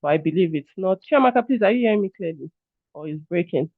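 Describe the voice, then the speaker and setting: A high-voiced man runs a live online workshop, talking casually and apologizing as he checks in with his audience. His voice comes through a narrow, phone-like video call line. The sound is dry, with no room echo. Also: lively intonation, quick pace. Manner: chatty, repeatedly addresses listeners as "guys". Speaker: workshop trainer. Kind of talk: live online training session.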